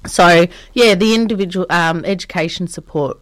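A woman's voice: on the low side, normal speed, a bit bright, no echo. A woman answering interview questions in casual chat, explaining courses in a friendly way with lots of ums. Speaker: training provider guest.

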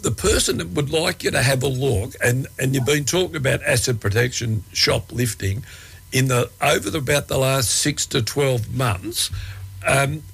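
A man's voice: medium pitch, creaky, a bit bright, husky, low-quality recording. A man with an Australian accent hosting a radio show from a studio, chatting casually and often restarting his sentences. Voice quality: halting, many fillers and restarts. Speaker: radio host.

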